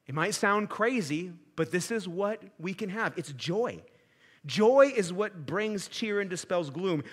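A young man preaching a sermon as pastor, swinging between loud pleading and hushed quiet. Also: on the high side.

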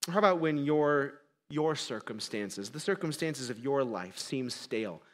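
A man preaching a sermon as a pastor in a church, conversational and self-correcting, swinging between quiet, intimate passages and loud, urgent ones. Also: medium pitch, lively intonation, normal speed, long reverb tail.

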